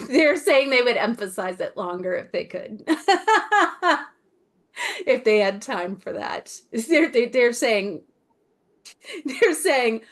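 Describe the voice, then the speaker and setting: A woman's voice: a little high, animated, slow pace. A woman channeling on a video call, searching for words and laughing often, with phrases that repeat and trail off to a whisper. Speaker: Akashic Records channeler. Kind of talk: channeling in a group video meeting.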